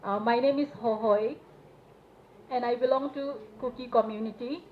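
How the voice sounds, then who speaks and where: A young woman from Manipur speaks at a public event with a fairly high voice, earnest and hesitant, pausing on fillers. The sound is thin and tinny like a phone line, with a faint hiss of noise behind her. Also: fairly even intonation. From Manipur, India. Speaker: student representative speaking at a solidarity event. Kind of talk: public speech.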